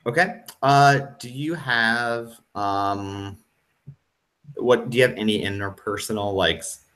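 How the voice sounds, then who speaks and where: A man's voice: lowish voice, takes it slowly, a bit bright. A man narrating as game master of a tabletop horror game, hesitant, with many ums and restarts.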